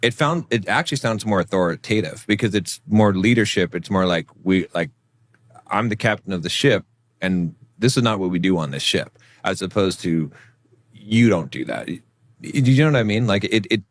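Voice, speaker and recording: A man's voice: lowish voice, lively intonation, brisk. A man co-hosting a podcast, talking casually about relationships, often repeating words and checking in with "right?". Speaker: podcast co-host.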